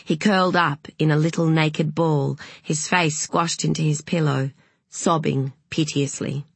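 Low, breathy woman narrating slowly. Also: fairly even intonation, no room sound. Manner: measured, unhurried storytelling. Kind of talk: audiobook narration.

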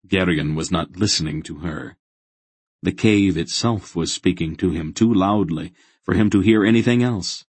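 A man reading a fantasy novel aloud in steady, measured narration. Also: sits low, slightly rough, dry recording. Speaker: audiobook narrator. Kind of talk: scripted narration.

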